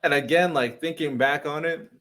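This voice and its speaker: A man's voice: fairly high pitch, moderate pace, a bit bright. A young man hosting a casual manga reaction, reading panels aloud, stumbling over words and adding his own commentary.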